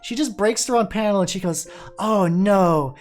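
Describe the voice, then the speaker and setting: A VTuber streamer chats in a rambling, easygoing way while painting, and often restarts and repeats words before trailing off. The voice sits in a middle pitch, and soft music plays quietly behind it. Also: fast talker. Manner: rambling, chatty, trails off into mumbles. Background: faint music playing.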